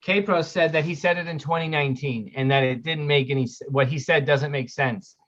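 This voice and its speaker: A man's voice: a little high, fairly quick, fairly bright tone. A man co-hosting a casual livestream, reading viewer comments and ranting bluntly with frequent swearing. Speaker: podcast co-host reading chat. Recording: muffled lo-fi audio.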